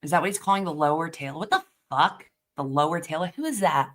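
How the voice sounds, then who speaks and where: A woman hosting a casual commentary stream whose pitch swings widely as she talks. She reacts bluntly, swears freely and questions everything she sees. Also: animated, a little fast, fairly bright tone. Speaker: host.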